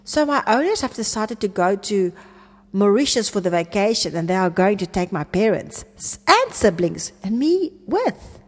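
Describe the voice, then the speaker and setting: A woman voicing an eager, friendly young male pet dog in a storybook reading, speaking in a high, excited voice. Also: moderate pace, big-room sound. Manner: bright and excited, high-pitched.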